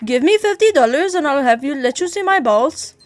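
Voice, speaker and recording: Woman doing a menacing male scammer, high and loud, over the top. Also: expressive, fairly quick. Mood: wheedling. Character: pushy male online scammer, threatening.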